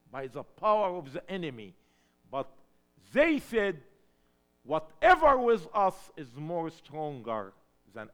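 Man from Egypt, preacher, high animated voice, unhurried, shifts from hushed to shouting. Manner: emphatic, swings from hushed to shouting. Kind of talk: sermon testimony.

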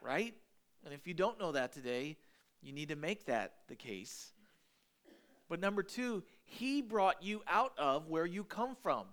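This sermon comes from a male pastor whose slightly high voice stays animated and conversational, punctuated by emphatic asides aimed at the congregation.

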